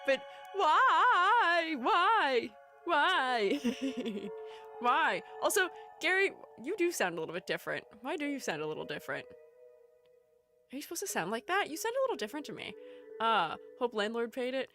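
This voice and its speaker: A woman's voice: a little high, very animated, fast talker, fairly bright tone, soft background music. Giggly young woman streamer, bouncy voice. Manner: rambling, giggly, playful. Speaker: streamer and art educator. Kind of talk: casual live-stream chat.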